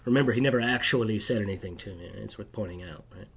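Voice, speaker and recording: A man's voice: lowish voice, fairly even intonation, racing, vocal fry, few pauses, a little hiss or hum. A man telling a rambling, bitter personal story to camera, agitated and constantly tagging his sentences with "right?". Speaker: video creator.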